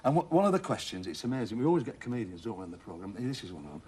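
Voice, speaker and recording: A man's voice: fairly low pitch, sing-song, rapid-fire, darkish tone, slight background noise. A middle-aged man hosting a TV game show in a studio, jovial and teasing, chatting with contestants. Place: TV studio with audience.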